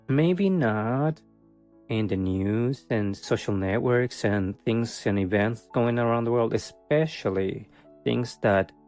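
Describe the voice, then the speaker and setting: A man's voice: medium pitch, a little mellow. A man giving a casual tarot reading for the month, rambling with many fillers, chuckling often and joking with wry sarcasm. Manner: wry, self-mocking sarcasm. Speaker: tarot reader.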